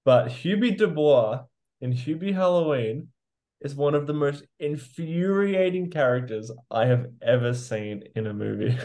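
A man's voice: a little high, unhurried, a little mellow. A man co-hosting a casual movie podcast, easygoing and loose, filling his speech with "like" as he talks through his picks. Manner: easygoing, filler-heavy, says "like" constantly. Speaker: podcast co-host.

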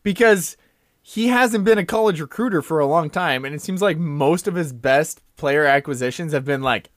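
A man co-hosting a sports podcast, chatting casually, animated, exclaiming and joking. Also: fairly high pitch, normal speed, no room sound, studio quality. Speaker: podcast co-host. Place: room with a window open.

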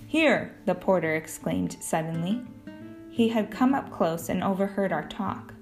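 A woman reading a story aloud as narrator in first person, with clear storytelling. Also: lowish voice, moderate pace, darkish tone, faint music behind. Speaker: audiobook narrator. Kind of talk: scripted narration.

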